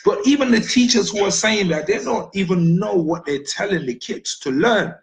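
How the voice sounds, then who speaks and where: A Nigerian man rants in a passionate, blunt monologue, cursing freely and throwing out rhetorical questions. His voice is high-pitched and creaky at a normal speed, and the recording is rough.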